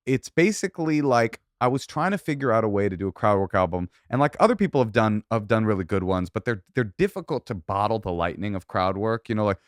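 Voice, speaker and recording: A man in his forties, a comedian guest on a podcast, talking fast with quick restarts. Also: lowish voice, lively intonation, dry recording, clean studio sound. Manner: fast, talky, self-correcting restarts. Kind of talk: casual conversation.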